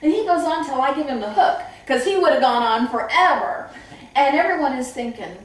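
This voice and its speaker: A middle-aged woman who trains staff at a memory care home, telling lively stories and acting out the voices of people she quotes. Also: sits high, a little fast, a little hiss or hum. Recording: echoey room, far from the mic.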